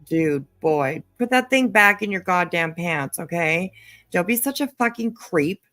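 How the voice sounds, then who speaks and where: A woman's voice: on the low side, expressive, measured pace, fairly bright tone, dry recording. A woman giving casual live commentary, swearing freely, mocking, and often laughing. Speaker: commentary streamer.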